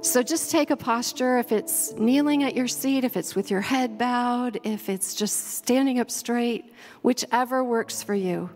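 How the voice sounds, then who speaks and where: A woman pastor preaching a sermon slowly and earnestly, then leading her congregation through a prayer. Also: on the high side. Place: church sanctuary. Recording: long hall reverb, soft music behind.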